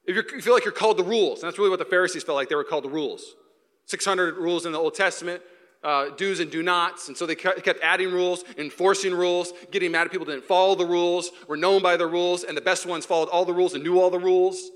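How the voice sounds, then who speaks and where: A male pastor from Seattle delivers an animated sermon, his voice high and bright. The sound carries a long reverb from the church hall he speaks in. He breaks into acted-out fan chants along the way. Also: quick pace. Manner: animated, acts out shouting fans.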